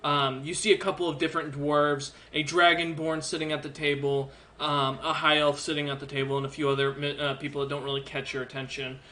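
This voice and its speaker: Bright-voiced male game master. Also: fairly high pitch, flat delivery. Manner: casual, halting, many fillers. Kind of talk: narrating a tabletop game.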